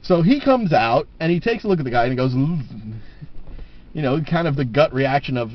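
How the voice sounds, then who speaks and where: A man's voice: a little high, animated, fairly quick. A man telling jokes casually to the camera, laughing at his own punchlines, on a dull lo-fi camera recording.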